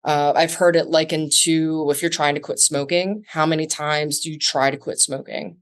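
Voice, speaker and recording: A woman's voice: low-pitched, fairly even intonation, moderate pace. A woman guest on a podcast, talking through a scenario in a storytelling way and acting out the quoted dialogue. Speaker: guest, self-defense instructor. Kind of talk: conversational podcast interview.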